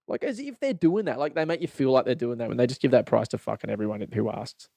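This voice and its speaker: A brisk, mid-range male voice with vocal fry and no echo belongs to a young Australian podcast host. Alone on the mic, he rants casually, swearing heavily, rambling, staying animated, and breaking into laughter often.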